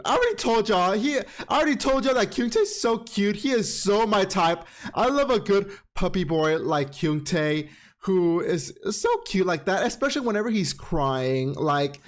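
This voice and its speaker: A man hosting a casual show, recapping comics in an expressive, sassy way, full of swearing and dramatic repeated exclamations. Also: sits high. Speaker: podcast host.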